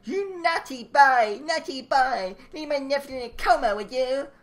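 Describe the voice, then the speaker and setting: A man voicing a sharp-tongued elderly woman, an aunt who scolds in a sing-song way. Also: extremely high pitch, lively intonation, a little slow, voice pushed up, exaggerated voice. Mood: scolding.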